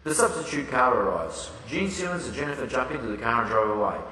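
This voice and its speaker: Bright-voiced man narrating a comic story. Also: medium pitch, lively intonation, fast, slight background noise. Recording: echoey hall, far from the mic.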